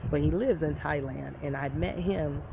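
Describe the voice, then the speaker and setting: A woman from the United States telling a personal story to camera in a blunt, profane, animated way. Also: sits low, normal speed, creaky. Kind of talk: casual storytime monologue. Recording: loud background noise.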